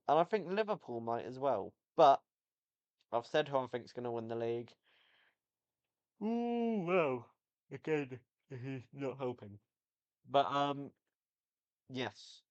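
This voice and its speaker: A football vlogger gives a casual, rambling review of a match, enthusiastic and often correcting himself as he goes. His voice is mid-range, and the high frequencies are cut off.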